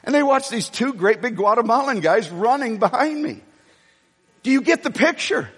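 Male pastor, high voice, animated storyteller mid-sermon, long hall reverb. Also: normal speed, slightly rough. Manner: storytelling, animated, swinging between low asides and raised emphasis.

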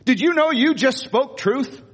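Animated older man preaching in a hall. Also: extremely high pitch, a little slow, slightly rough. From United States. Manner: animated preaching, repeats phrases, asks the congregation to respond. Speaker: pastor. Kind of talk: sermon. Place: church sanctuary.

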